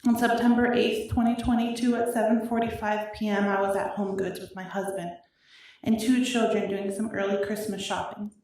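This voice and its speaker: A woman reading her own victim impact statement aloud in a courtroom, emotional and halting, her voice wavering with grief. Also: medium pitch, flat delivery, a little mellow, slight background noise. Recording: echoey courtroom audio from far off.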